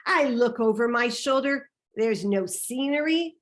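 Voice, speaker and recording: A woman telling a personal story on stage, dramatic and vivid, moving between hushed and loud. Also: fairly high pitch, normal speed, few pauses. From Canada.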